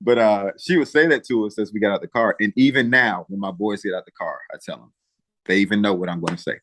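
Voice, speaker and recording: A man speaking as an interview guest, emotional and halting, with frequent pauses and restarts as he encourages listeners like a preacher. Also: fairly low pitch, no room sound. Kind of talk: earnest interview talk.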